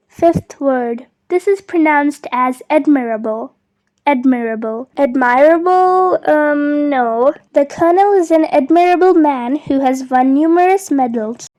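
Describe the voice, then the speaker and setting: High-voiced young woman teaching pronunciation. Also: darkish tone. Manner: clear, deliberate, repeats words slowly. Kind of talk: explanatory video lesson.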